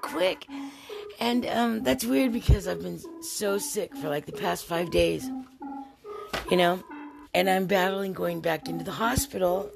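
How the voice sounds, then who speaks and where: A woman's voice: lowish voice, measured pace, creaky, music in the background. A tipsy woman podcaster rambling candidly through a casual personal monologue and swearing freely.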